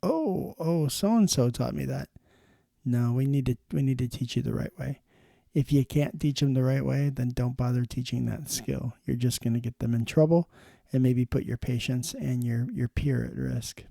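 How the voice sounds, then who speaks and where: A man's voice: mid-range voice, fairly even intonation, moderate pace, creaky, dark tone, dry recording, studio quality. A middle-aged man, an emergency nurse hosting a show, giving frank, plain-spoken advice in a casual monologue. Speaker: emergency nurse and podcast host.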